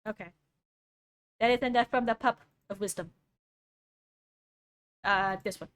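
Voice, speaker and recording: A woman's voice: mid-range voice, a little slow, fairly bright tone, clean tone. A young woman streaming, reacting to a video with casual, sarcastic jokes. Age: young adult. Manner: joking, sarcastic asides.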